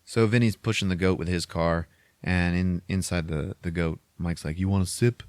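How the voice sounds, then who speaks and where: A man's voice: low voice, moderate pace, no room sound. A man in his forties, a podcast host, recapping a movie in casual, profane, rambling chat full of fillers.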